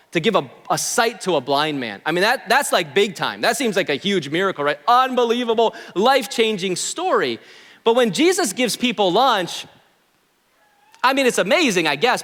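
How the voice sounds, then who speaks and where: A man's voice: sits high, fairly bright tone, long reverb tail. A man preaching a sermon as pastor, conversational, with asides to the congregation, in a church sanctuary.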